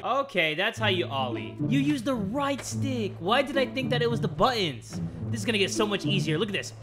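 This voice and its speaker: Excitable, high-voiced young man gaming. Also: fairly quick. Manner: excitable, swearing, yelling and laughing. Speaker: gaming YouTuber. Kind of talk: let's play commentary. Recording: game music in the background.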